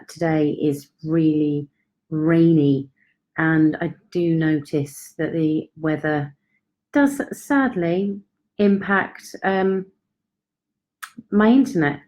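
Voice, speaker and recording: A woman chats slowly and easily to viewers of her live stream, her voice sitting on the low side. She talks into her phone at home, friendly and self-deprecating. Her pace stays unhurried throughout. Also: lo-fi sound. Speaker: confidence coach hosting a live stream. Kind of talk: casual live-stream chat. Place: at home, in York.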